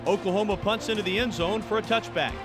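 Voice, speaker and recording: Male sports narrator, high voice, brisk play-by-play, loud music under him. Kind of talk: scripted football highlight narration.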